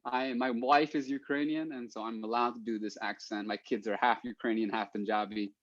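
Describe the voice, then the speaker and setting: A man's voice: medium pitch, fairly even intonation, fairly quick, no echo. Man thinking aloud on muffled audio. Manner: thinking aloud, repeats words when restarting. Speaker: podcast guest. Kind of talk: casual chat.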